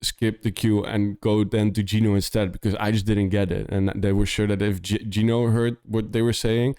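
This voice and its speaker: A man's voice: fairly low pitch, level tone, moderate pace, warm tone, clean tone, dry recording, studio quality. A young man from the Netherlands with a Dutch accent, chatting casually on a live stream while reviewing demos, rambling with lots of "like" and restarts.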